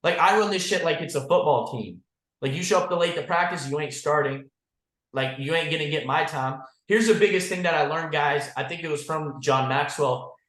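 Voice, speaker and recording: Man, agency leader on a team call, blunt and profane, constant "like" and "guys", somewhat high voice, echoey room. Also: moderate pace, a bit bright. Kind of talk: motivational team call talk.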